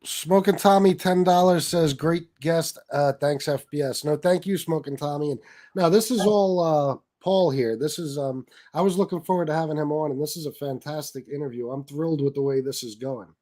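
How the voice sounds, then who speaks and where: A man's voice: fairly high pitch, normal speed, mellow. A man hosting a casual interview, enthusiastic and reading out viewer donations. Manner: enthusiastic, reads donations aloud. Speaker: podcast host.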